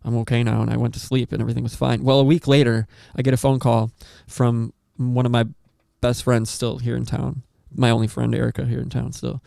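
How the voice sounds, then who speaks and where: A man hosting a podcast, telling a story in a rambling, animated way with lots of swearing and acted-out quotes. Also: mid-range voice, brisk, vocal fry, hardly any pauses, no echo, studio quality. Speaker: podcast host. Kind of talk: casual storytelling chat.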